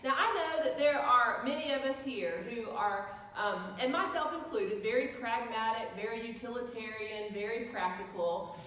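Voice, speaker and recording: Woman pastor, preaching storyteller, high-ish voice, heard from afar in a reverberant sanctuary. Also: normal speed, pushed and bright. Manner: storytelling, asks the congregation questions. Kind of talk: sermon. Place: church sanctuary. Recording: echoey church hall from far off.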